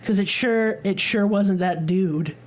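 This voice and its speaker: A woman's voice: mid-range voice, takes it slowly. A woman, co-hosting a podcast in a blunt, profane, joking way. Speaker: podcast co-host. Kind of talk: casual chat.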